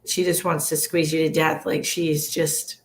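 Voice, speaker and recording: A woman's voice: low-pitched, little pitch movement, measured pace. A woman psychic medium giving an emotional, earnest live-streamed reading, soothing and rambling with many fillers. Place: home livestream.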